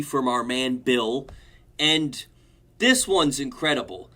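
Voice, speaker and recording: A man's voice: medium pitch, expressive, takes it slowly, bright, forceful tone. A young man hosting a reaction video, mockingly reading online comments aloud. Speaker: host.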